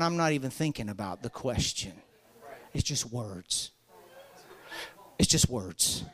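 A man preaching a sermon as pastor, telling stories and swinging from soft talk to loud, fervent passages. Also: high voice, dry recording.

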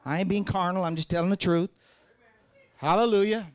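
A man preaching a sermon, folksy and joking, rising to loud fervent peaks. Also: high voice, fairly even intonation, a little fast, no echo. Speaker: pastor.

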